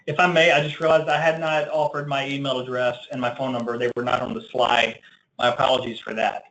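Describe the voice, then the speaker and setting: A man's voice: medium pitch, level tone, brisk, a bit bright. Southern man explaining, in an echoey room. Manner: explanatory, with frequent ums and restarts. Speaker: tourism marketing presenter. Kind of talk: webinar Q&A answer.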